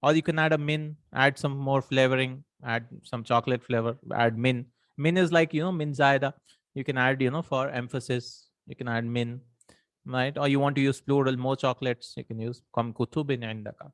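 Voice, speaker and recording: A man's voice: medium pitch, fairly even intonation, normal speed, dry recording. A man teaching an Arabic grammar lesson in English, explaining step by step, working Arabic terms into his speech and checking in with the listener.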